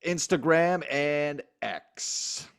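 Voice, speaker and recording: A man's voice: on the high side, very slow, clean tone. A man co-hosting a sports podcast, chatting casually with lots of energy and frequent laughter. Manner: energetic, emphatic, laughs often. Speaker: podcast co-host. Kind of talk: casual chat.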